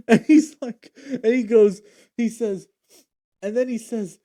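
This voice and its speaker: Male vlogger, heartfelt episode breakdown, warm low-key tone, unhurried delivery. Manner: emotional, retells scenes with many restarts. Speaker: show recap vlogger. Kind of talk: casual episode recap. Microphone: handheld or desk mic he adjusts.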